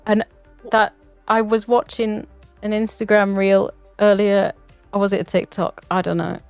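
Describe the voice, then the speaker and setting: A woman co-hosting a casual movie podcast, chatty, swearing freely and laughing often, her voice rough from being sick. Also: mid-range voice, level tone, unhurried, no room sound, soft background music. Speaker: podcast co-host.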